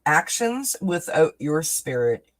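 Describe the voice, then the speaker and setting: Gentle, chatty man giving a card reading. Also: on the high side, big pitch swings, slow pace. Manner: gentle, chatty, reassuring, many "right?" and "you know" tags. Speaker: oracle card reader and host. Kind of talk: live-stream spiritual reading, answering chat.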